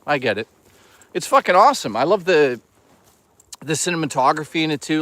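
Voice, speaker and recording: A man's voice: on the high side, fairly bright tone, dry recording. A man casually chatting and joking with his live chat while out in the woods. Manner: joking, loose and teasing with chat. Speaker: streamer. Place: outdoors in the woods.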